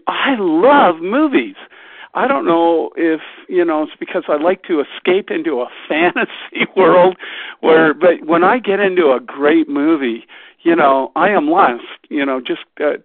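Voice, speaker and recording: A man's voice: fairly high pitch, vocal fry, dry recording. A man from Canada speaking as guest speaker on a company phone call, rambling and folksy with many restarts. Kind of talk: motivational talk on a phone call. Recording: phone line, dry.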